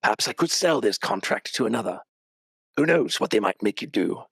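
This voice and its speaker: A man doing a menacing dark lord with a contract. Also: on the low side, expressive, brisk, vocal fry, slightly rough, no echo, heavily acted. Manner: pompous, then coldly threatening.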